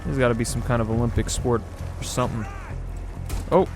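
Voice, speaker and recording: A man's voice: medium pitch, fairly even intonation, a little fast, over music. Sarcastic man commentating a video game. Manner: exasperated, sarcastic running commentary. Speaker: gaming video host. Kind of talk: casual let's-play commentary.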